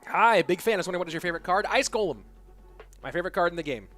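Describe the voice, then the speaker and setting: A man's voice: high-pitched, lively intonation, very fast, fairly bright tone. A young man casting a live esports match, joking around and answering viewer questions between plays. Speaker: esports caster. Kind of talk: live game commentary and reading chat.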